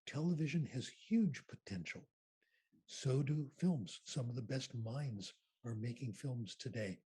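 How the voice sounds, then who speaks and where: An older man with a raspy, husky voice answers conference questions as the keynote speaker. He tells stories in an unhurried, emphatic way, stressing his points. His pitch sits in a middle range for a man. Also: animated, dark tone.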